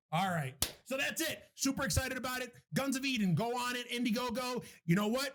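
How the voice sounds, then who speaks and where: Excitable high-voiced male podcast host. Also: fairly quick, hardly any pauses, a little hiss or hum. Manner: excitable, laughs often, swears freely. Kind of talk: casual chat.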